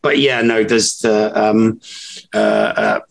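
A man's voice: on the low side, steady tone, slow pace, creaky. A man with an English accent co-hosting a podcast in casual chat, giving dry, blunt opinions with plenty of fillers. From England. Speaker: podcast co-host.

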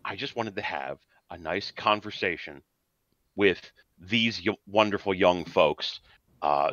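A man's voice: on the low side, pushed and bright, no echo. A man voicing Genghis, a crude, mocking vampire street tough, on a dull lo-fi recording. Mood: sneering. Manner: foul-mouthed, mocking.

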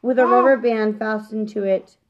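A woman with a fairly high voice reads a children's chapter book aloud at an unhurried pace. She reads gently and sometimes stops to correct a slipped word. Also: steady tone, highs cut off. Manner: gentle reading with occasional self-corrections. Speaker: storybook reader.

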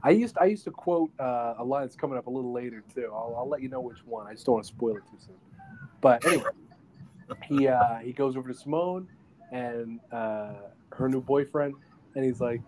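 A man co-hosting a podcast, chatting casually as he retells a film scene by scene. He talks in an animated way and keeps jumping into brief voice impressions of the characters. A faint background ambience sits under his voice. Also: medium pitch, moderate pace, a little hiss or hum. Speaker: podcast co-host reviewing a film. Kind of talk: casual chat.

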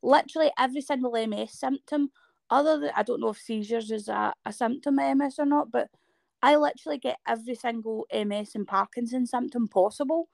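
This guest is a woman from Scotland in her thirties, recounting something that happened to her and performing the dialogue with lively energy. She speaks a little fast in a fairly high, gravelly voice. It's studio-quality audio with no room sound.

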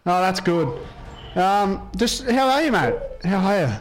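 A man's voice: high voice, lively intonation, measured pace, faint music behind. A young man hosting a radio show, chatting eagerly and casually with a caller.

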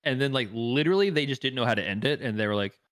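A man's voice: medium pitch, dry recording, studio quality. A man co-hosting a casual chat, ranting profanely about a show and acting out quotes. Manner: fast, animated, profane ranting with acted-out quotes. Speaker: podcast co-host.

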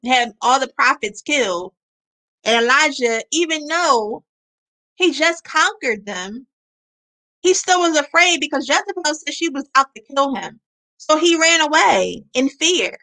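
A woman delivers a sermon with a high, bright voice. She speaks earnestly and repeats her key phrases to drive each point home. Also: rough recording. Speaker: preacher.

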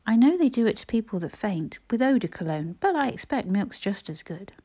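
A woman voicing a sensible, gentle older girl with practical, soft-spoken lines. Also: medium pitch, sing-song, fairly quick.

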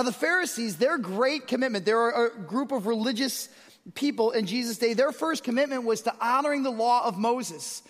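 High-voiced preacher in a big echoing hall. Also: male voice, fairly bright tone. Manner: earnest, reads scripture aloud to the congregation. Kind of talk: sermon. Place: church auditorium. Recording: long reverb of a large hall.

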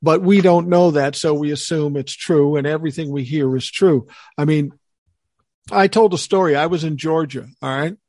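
Older man, animated storyteller. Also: a little high, normal speed, no echo, clean studio sound. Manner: animated storyteller acting out quoted voices. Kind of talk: casual storytelling chat.

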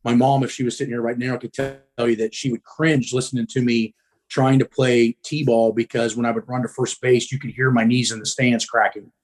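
A man's voice: medium pitch, level tone, fairly quick. Blunt, profane middle-aged man. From Midwest US. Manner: blunt, profane, frequent ums. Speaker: guest. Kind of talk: casual storytelling.

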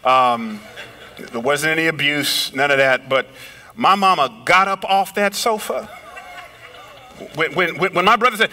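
A middle-aged man preaching a sermon, swinging his pitch up and down and slowing or raising his voice for emphasis. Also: lively intonation, sharp tone. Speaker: pastor. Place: lives in a big city apartment.

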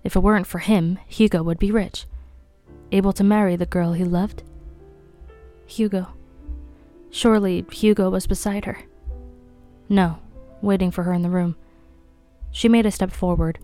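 A woman reading a novel aloud, with a tense, hushed delivery of the characters' inner thoughts. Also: medium pitch, fairly even intonation, moderate pace, pauses often, soft background music. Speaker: audiobook reader.

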